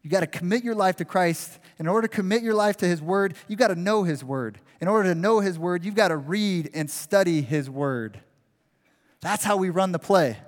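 A man preaches from the pulpit, animated and acting out what a crowd would shout at the players. His voice sits somewhat high for a man. The sound carries a long reverb from the large church sanctuary. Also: normal speed. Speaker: pastor. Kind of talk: sermon.

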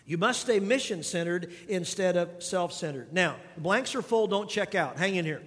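A man's voice: sits high, animated, normal speed, hardly any pauses, fairly bright tone, big-room sound. A man preaching a sermon as pastor, driving points home by repeating key lines and putting questions to the congregation. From grew up on a farm. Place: church sanctuary.

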